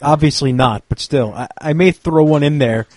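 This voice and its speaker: Man co-host, slightly high voice, dry close sound, rambling jokey banter. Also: normal speed, darkish tone, no room sound. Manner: rambling, joking, stammering restarts. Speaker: podcast co-host. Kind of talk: casual banter.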